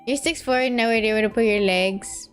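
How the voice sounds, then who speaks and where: A young woman with a fairly high voice chats on a live stream as she draws. She rambles, leans on fillers and laughs easily while answering her chat. Faint music plays under her voice. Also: moderate pace. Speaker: VTuber streamer.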